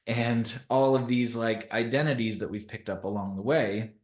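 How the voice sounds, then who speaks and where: Animated Canadian man telling stories. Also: mid-range voice, normal speed, reverberant. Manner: animated, laughs often while telling stories. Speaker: podcast guest. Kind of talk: casual storytelling interview.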